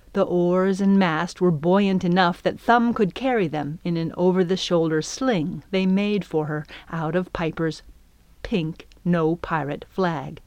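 A woman reads a storybook aloud in a measured, even manner. Her voice sits on the low side, and the recording is dry and close with no room sound. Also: no echo. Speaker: audiobook narrator. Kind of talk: scripted narration.

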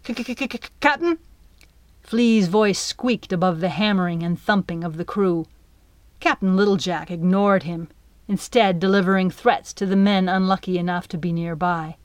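A woman narrating a children's adventure audiobook in a measured, expressive way. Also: lowish voice, no room sound.

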